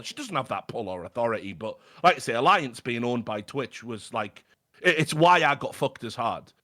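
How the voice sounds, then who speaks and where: A man's voice: medium pitch, sing-song, brisk, bright, forceful tone. A British man on a podcast, telling a story in casual chat, swearing freely and restarting his sentences. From Britain. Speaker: podcast guest.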